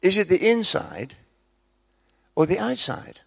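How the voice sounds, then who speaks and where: Gravelly man telling jokes. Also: high voice, lively intonation, slow pace. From Scotland. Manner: chatty, self-deprecating, tells jokes. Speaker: preacher. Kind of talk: sermon with humorous storytelling.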